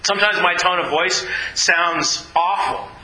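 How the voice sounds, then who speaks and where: Bright-voiced pastor preaching in an echoey room. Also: male voice, high voice, fairly even intonation, unhurried. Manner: earnest, conversational preaching with repeated phrases. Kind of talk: sermon.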